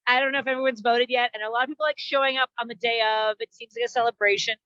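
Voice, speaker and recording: A woman's voice: on the high side, steady tone, racing, fairly bright tone, no room sound, muffled recording. A woman comedian delivering a wry, chatty stand-up monologue over a video call.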